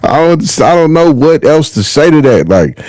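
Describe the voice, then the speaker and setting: Male solo podcast host, AAVE, lively pitch, relaxed and conversational, tagging asides onto nearly every line. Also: moderate pace, no echo, rough recording. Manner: loose, conversational, constant "you know what I'm saying" asides. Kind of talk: casual commentary monologue.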